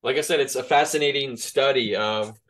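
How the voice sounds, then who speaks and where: A man hosting an interview podcast, talking quickly and chatting easily with his guest. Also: mid-range voice, a bit bright. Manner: fast-talking, friendly, chatty. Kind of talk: casual interview.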